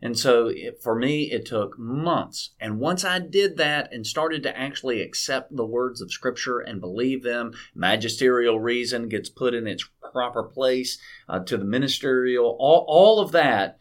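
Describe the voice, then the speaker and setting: Animated man in casual podcast talk. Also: medium pitch, measured pace, few pauses. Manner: animated, incredulous, conversational. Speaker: pastor and podcast co-host. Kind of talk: casual theological discussion.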